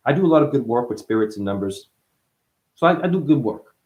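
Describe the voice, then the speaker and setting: An animated man preaching with profane, rambling bursts. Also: a little fast, muffled recording. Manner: bursts into high yelps. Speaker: spiritual teacher. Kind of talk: animated spiritual monologue.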